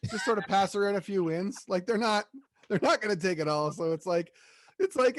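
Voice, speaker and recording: A man's voice: high voice, fairly quick, no room sound. A man co-hosting a casual chat show, joking and rambling with repeated words. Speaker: co-host.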